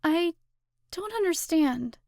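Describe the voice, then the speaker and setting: A woman's voice: very high-pitched, animated, slow, gravelly, dark tone, dry recording, clean studio sound, voice pushed up, heavily acted. A woman voicing an earnest teenage girl who talks in an emphatic, pleading way.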